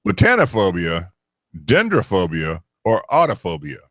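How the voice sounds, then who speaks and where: A man co-hosting a casual podcast, reading out quiz questions in an animated way, swearing and laughing often. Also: sits low, moderate pace, dry recording, studio quality. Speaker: co-host running a quiz. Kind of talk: casual banter.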